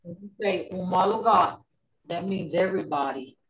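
A woman teaching an online language class over a video call, patiently repeating words slowly for her learners. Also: fairly low pitch, rough recording.

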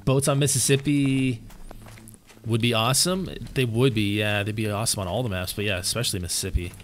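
A man's voice: on the low side, fairly even intonation, fairly quick, slight background noise. A man streaming live gameplay, chatting casually and answering his viewers' questions while sounding tired. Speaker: game streamer.

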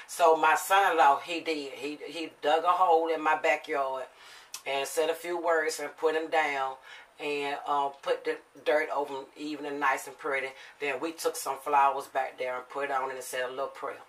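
A woman, a mother, telling family stories to viewers in a casual, animated way and acting out the quotes with feeling. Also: deep voice, normal speed, recorded from a distance, poor audio.

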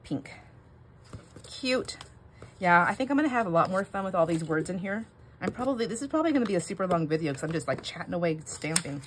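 Middle-aged lady chatting away while stamping, lowish voice, keeps cutting herself off mid-story. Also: expressive, fast talker, a little hiss or hum. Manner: rambling, self-interrupting storytelling. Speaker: crafting channel host. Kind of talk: casual chat while stamping.

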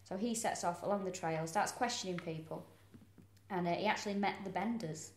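A woman's voice: on the low side, fairly quick. A woman comedian co-hosting a true-crime podcast, telling the case step by step with wry remarks. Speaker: comedian co-host. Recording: roomy echo.

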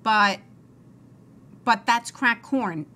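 A woman's voice: fairly high pitch, drawn-out words, sharp tone, voice pushed up, full character voice. A woman doing a fussy, indignant lady of the house.

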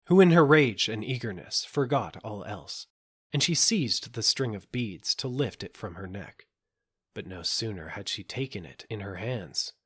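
A man narrating a fairy tale audiobook in a measured, gentle storytelling manner. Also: on the low side, husky. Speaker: audiobook reader.

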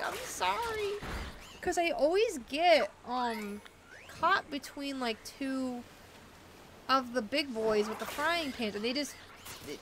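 A high-pitched woman streamer chats casually while playing a video game, rambling and thinking aloud. There's background noise in the clip.

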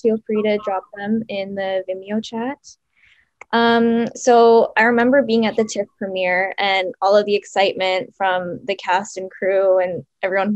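A woman's voice: medium pitch, dry recording, muffled recording. A woman moderating a film Q&A, asking polite questions. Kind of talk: interview questions.

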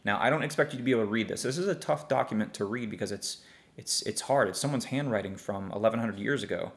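A young man with a fairly low voice explains a lesson at an unhurried pace. He breaks words into syllables and repeats them patiently. He often checks in with his listeners as he goes. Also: gravelly. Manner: slow, patient sounding-out of syllables; checks in often with "okay?" and "see that?". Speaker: teacher.

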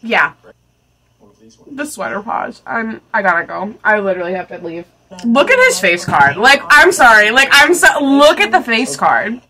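Gushing bright-voiced young woman. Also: a little high, normal speed. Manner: gushing, excitable, swearing, frequent giggles. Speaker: YouTuber reacting to a movie. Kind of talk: casual reaction vlog.

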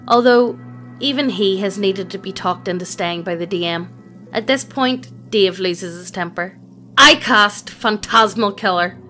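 A woman's text-to-speech voice delivers scripted narration of a tabletop gaming anecdote. The pitch sits in a middle register and the reading stays even, free of fillers. Quiet music plays faintly beneath. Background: faint background music.

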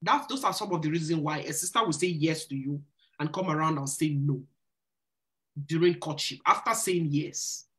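A woman's voice: deep voice, normal speed, a bit bright. A woman hosting a live church singles Q&A, giving marriage and courtship advice in an earnest, preacherly way, repeating phrases for emphasis. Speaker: church singles ministry host. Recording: live stream.

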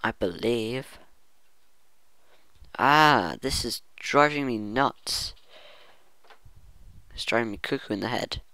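A man's voice: mid-range voice, slow pace, pauses often, pushed and bright, clean tone, dry recording. A man talking through his own gameplay in a rambling let's-play commentary, musing aloud to himself and humming now and then. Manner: rambling self-talk, hums and muses aloud. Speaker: gaming channel host.

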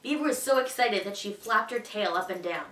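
Bright-voiced woman reading a storybook. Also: mid-range voice, fairly quick, far from the mic. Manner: clear, expressive, evenly paced reading. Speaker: teacher reading aloud. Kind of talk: storybook read-aloud for children. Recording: echoey room, voice a bit off-mic.

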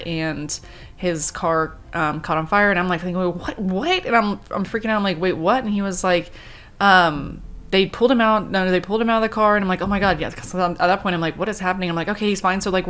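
A woman in her thirties, a vlogger, telling a personal story in a halting, grieving way, full of fillers, restarts and quoted talk. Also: fairly low pitch, fairly bright tone. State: grieving, subdued.

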